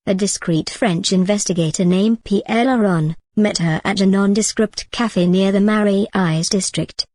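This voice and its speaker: A woman storyteller giving a scripted narration of a dramatic story in an even, unhurried way. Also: mid-range voice, no echo.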